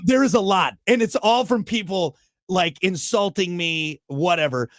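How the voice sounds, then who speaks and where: A man hosting a podcast in casual chat, ranting with animated, mock-outraged energy. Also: high-pitched, unhurried, no echo, clean studio sound. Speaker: podcast host.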